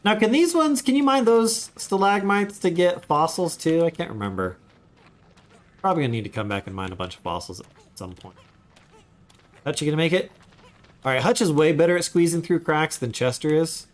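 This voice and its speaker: A man's voice: fairly high pitch, expressive, fairly quick. A man chatting casually while he livestreams a game, rambling into asides as he plays. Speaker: gaming streamer.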